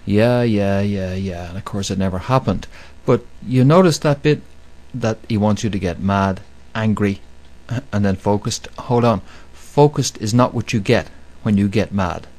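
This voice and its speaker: Deep-voiced man hosting a talk show. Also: a little slow, darkish tone. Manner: emphatic, repetitive, with many fillers. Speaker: radio show host. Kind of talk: monologue commentary.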